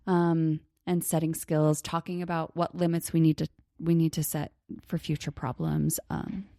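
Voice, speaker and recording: A woman therapist co-hosting a parenting podcast, calmly explaining a method and softly acting out gentle example phrases. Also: low-pitched, moderate pace, creaky, no echo, clean studio sound. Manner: calm, explanatory, slips into soft hushed example phrases. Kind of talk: casual teaching on a parenting podcast.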